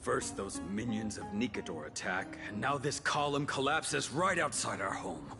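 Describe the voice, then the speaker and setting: A man's voice: on the low side, lively intonation, moderate pace, music in the background. A man voicing a worried, pious townsperson in voiced game dialogue, earnest and anxious.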